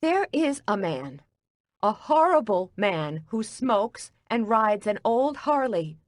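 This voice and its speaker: A woman reading an audiobook, voicing a frantic, indignant woman who works at a bakery, in agitated, high-strung outbursts. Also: sing-song, slow, no echo. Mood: alarmed, indignant.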